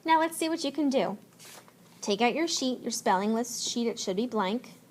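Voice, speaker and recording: A woman teacher giving a spelling lesson, slowly and patiently sounding out letters and words. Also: a little high, animated.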